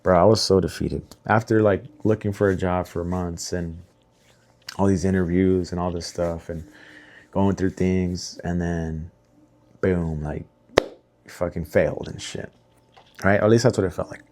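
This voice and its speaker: Young male vlogger, very low voice, candid rambling storyteller, swears freely. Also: fairly even intonation, measured pace, darkish tone. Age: young adult. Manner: rambling, heavy swearing, lots of fillers and restarts; emotional, candid. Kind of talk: casual storytelling to camera.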